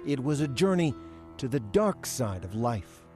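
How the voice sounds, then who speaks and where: A man narrating a television news report in a measured, dramatic reporter's voice. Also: mid-range voice, very animated, darkish tone, faint music behind. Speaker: news correspondent and interviewer.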